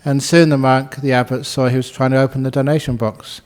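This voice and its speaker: A man who is a Buddhist monk giving a relaxed, humorous dharma talk and telling a story, often laughing. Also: mid-range voice, brisk.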